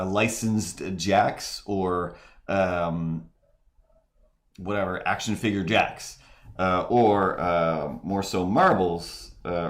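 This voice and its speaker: A man with a deep, low voice talks casually on his live stream, wandering from thought to thought. He stops and restarts often, padding his sentences with fillers. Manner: rambling, halting, many restarts and fillers; mimics voices in quoted asides. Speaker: streamer and host. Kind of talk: casual rambling stream chat.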